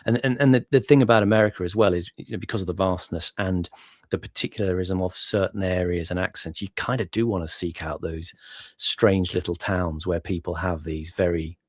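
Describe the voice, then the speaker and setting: A man talking as a podcast guest in casual chat, halting and searching for words. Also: sits low, steady tone, dry recording, clean studio sound.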